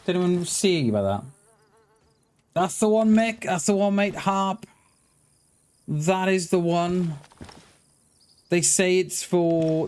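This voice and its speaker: Excitable male game streamer chatting. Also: medium pitch. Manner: excitable, stutters and restarts, swears casually, chats to viewers. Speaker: livestreamer. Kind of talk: casual live-stream chat while gaming.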